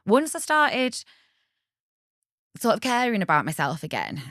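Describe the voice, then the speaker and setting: A woman in her thirties, a podcast guest, telling her own story candidly in an animated, chatty way. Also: on the high side, measured pace, no echo, clean studio sound. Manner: chatty, animated, laughs often and acts out quoted voices.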